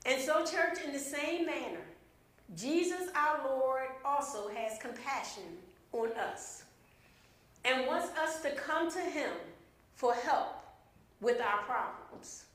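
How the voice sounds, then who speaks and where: A woman preaching a sermon in a high voice, taking her time and pausing for emphasis. She sounds very echoey, as if heard across a large church hall. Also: expressive, a bit bright. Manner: slow, deliberate preaching with emphatic pauses. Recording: very echoey room.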